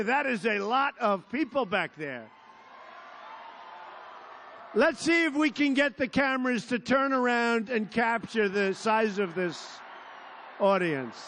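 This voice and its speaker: A man in his seventies speaks in a fairly high register for his age, delivering a loose, digressive campaign rally speech. He brags, repeats his points and bursts into shouts now and then. He is addressing a large outdoor crowd in a field. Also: a little hiss or hum. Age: 70s. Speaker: politician at a rally.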